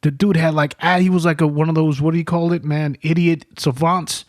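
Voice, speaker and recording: A man hosting a podcast, telling stories in a profane, animated, casual way. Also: a little high, fairly quick, slight background noise. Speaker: podcast host. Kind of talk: casual chat. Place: studio.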